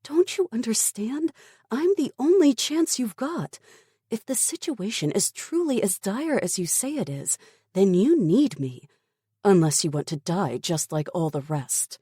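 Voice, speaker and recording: A woman's voice: mid-range voice, very animated, measured pace, warm tone, husky, no room sound, clean studio sound, pitched above the performer's own voice. A woman voicing a desperate, defiant woman research scientist in an audiobook, insistent and pleading. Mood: furious. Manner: insistent, pleading, rising to anger. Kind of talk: audiobook character voice.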